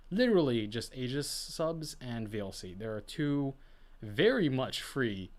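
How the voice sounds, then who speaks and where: A man talking to himself on a solo stream, rambling and self-correcting as he goes. His pitch is very lively, dropping into low mumbles and then jumping up high for emphasis. The pitch sits in a middle range for a man. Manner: rambling, self-correcting, thinking aloud with many restarts; swings between low mumbles and bursts of high animated emphasis. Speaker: VTuber streamer. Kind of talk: casual solo stream chat.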